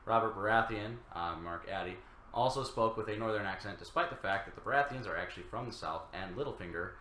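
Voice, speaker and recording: A man co-hosting a reaction show, reading viewer comments aloud with halting fillers. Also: fairly low pitch, pushed and bright, reverberant, a little hiss or hum.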